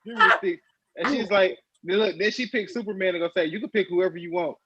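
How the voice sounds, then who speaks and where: Husky, excitable storyteller man, muffled recording. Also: sits high, fast talker. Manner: excited storyteller, slangy, acts out what he said. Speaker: podcast co-host. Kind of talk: casual chat.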